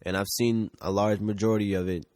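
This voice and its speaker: A man's voice: on the low side, little pitch movement, fairly quick, a little mellow, no echo, studio quality. A man co-hosting a podcast in loose casual chat, rambling with lots of "like" and the odd swear word. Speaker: podcast co-host. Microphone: shared mic.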